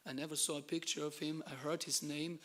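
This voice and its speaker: Brief: male temple lecturer, slightly high voice, lively storyteller with hushed asides. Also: brisk. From Germany. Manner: animated storytelling, acts out dialogue, drops to hushed asides. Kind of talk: devotional class talk.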